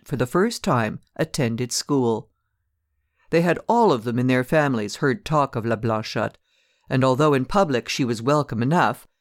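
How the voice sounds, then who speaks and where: A man narrating a classic short story in a measured, steady storytelling manner. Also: mid-range voice, no echo, clean studio sound.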